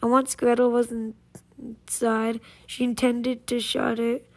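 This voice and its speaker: A woman reading a fairy tale aloud, slow and measured, with small slips and restarts. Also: a little high, level tone, a little mellow. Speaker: storyteller.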